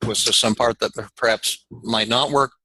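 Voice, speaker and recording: Bright, encouraging male therapist host. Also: mid-range voice, steady tone, normal speed, slightly rough, low-quality recording. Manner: encouraging, addresses listeners directly. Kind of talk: guiding a live therapy session.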